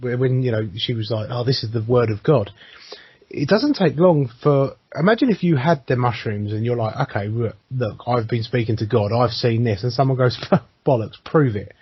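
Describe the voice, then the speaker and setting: A man's voice: medium pitch, animated, normal speed, slightly rough, no room sound. A man co-hosting a podcast, chatting casually, laughing often, swearing, and acting out quoted voices. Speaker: podcast co-host. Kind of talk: casual chat. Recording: dry, muffled lo-fi sound.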